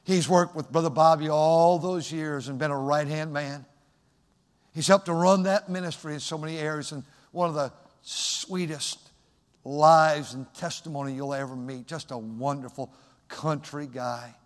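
A fervent male preacher with a high voice, delivering a sermon that swells into shouted exhortation. His words ring out with a long reverb tail in the church sanctuary. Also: steady tone, normal speed.

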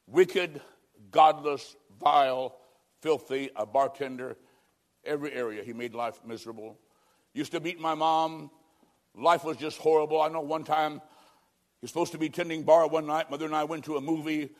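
A middle-aged male preacher giving an evangelistic sermon, telling a personal story dramatically with sudden swings between loud and quiet. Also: on the high side, level tone, moderate pace.

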